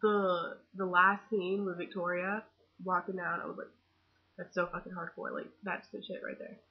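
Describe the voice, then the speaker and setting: A teenage girl gushing about a movie in a casual webcam vlog, excitable and full of fangirl chatter. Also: fairly low pitch, moderate pace, husky, lo-fi sound. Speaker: vlogger.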